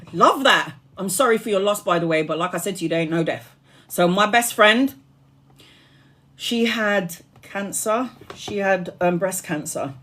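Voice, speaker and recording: A woman's voice: medium pitch, normal speed, fairly bright tone. A woman tarot reader telling a personal story on a livestream in an earnest, heartfelt, spiritual way.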